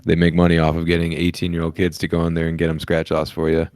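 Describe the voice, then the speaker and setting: A man's voice: low voice, monotone, fast, a little mellow, no room sound, clean studio sound. A young man co-hosting a comedy podcast, telling laid-back stories filled with "like". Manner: laid-back storytelling with frequent "like" and laughter-prone asides. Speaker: podcast co-host. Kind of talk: casual comedic chat.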